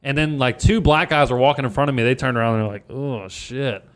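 A man's voice: medium pitch, very fast, clear, resonant tone. A young man from Louisiana, a guest comedian, telling a rambling story in casual podcast chat, full of swearing and fillers.

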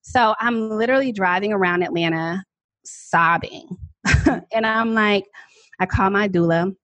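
A woman in her thirties, a podcast guest, telling a personal story in a lively, dramatic, casual way with frequent laughs. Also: medium pitch, measured pace, no echo. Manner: animated, self-described dramatic talker with frequent laughs.

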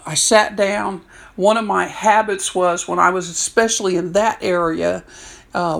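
A woman in her sixties, a prison chaplain, telling stories in an animated way and acting out what people said. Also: fairly low pitch, creaky. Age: 60s. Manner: animated storyteller, acts out quotes. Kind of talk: storytelling talk.

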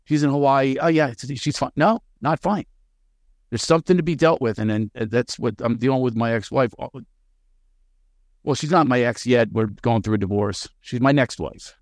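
A male comedian sitting in as a podcast guest, talking fast and with plenty of energy. He slides into quick impressions in the middle of his stories. The sound is dry and close, with no room echo. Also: medium pitch. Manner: energetic, jumps into quick character voices. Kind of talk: animated podcast storytelling.

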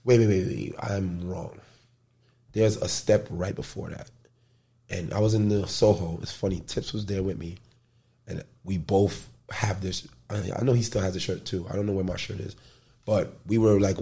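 This man's voice sits low and sounds slightly rough. Originally from the Bronx, New York, he's an interview guest telling animated, slang-heavy stories with profanity in a casual setting.

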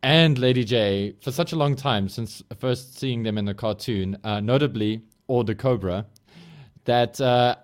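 A man's voice: mid-range voice, measured pace. Enthusiastic man rambling on a podcast. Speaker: podcast co-host. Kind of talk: casual chat.

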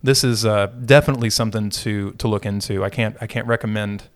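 A man's voice: fairly low pitch, steady tone, a little fast. A middle-aged man co-hosting a podcast, chatting casually and joking, rambling with restarts. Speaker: podcast co-host.

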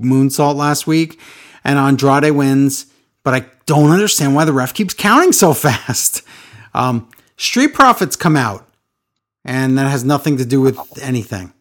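A man's voice: medium pitch, animated, a little slow. A man co-hosting a wrestling podcast, talking in a sarcastic, ranting way and mimicking the people he describes. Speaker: podcast co-host. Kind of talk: casual podcast chat.

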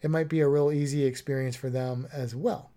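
A woman's voice: extremely low pitch, steady tone, a little fast, dark tone. A woman chatting casually about travel plans, rambling and correcting herself as she goes. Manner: rambling, self-correcting, chuckling.

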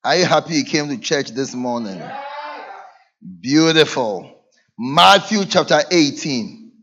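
Speaking slowly in a slightly high voice, a man preaches as pastor in a church, performing dramatic quotes and voicing the characters in his stories with lively energy. The recording sounds dull and lo-fi.

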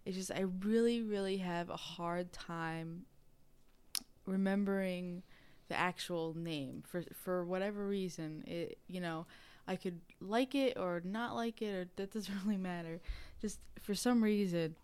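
A woman's voice: lowish voice, measured pace, a little mellow, clean tone. A woman co-hosting a podcast in casual chat, rambling and laughing often at herself. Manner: giggly, rambling, self-deprecating. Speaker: podcast co-host.

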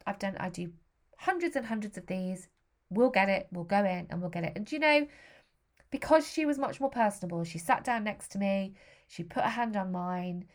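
A middle-aged woman from Britain recounts a personal experience in a candid, heartfelt way. She slips into quick impressions of the people she talks about, and her emotion shows through. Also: mid-range voice, expressive. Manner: emotional, candid, acts out other voices. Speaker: storyteller. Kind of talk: personal storytelling.

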